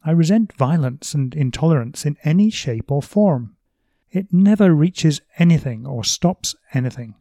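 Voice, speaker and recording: A man's voice: fairly high pitch, animated, normal speed, mellow, no room sound, studio quality. A man reading aloud as a mild, philosophical middle-aged everyman, earnest and reasoned, in a raised voice. He does not put on an accent for the character. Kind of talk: reading a novel passage aloud.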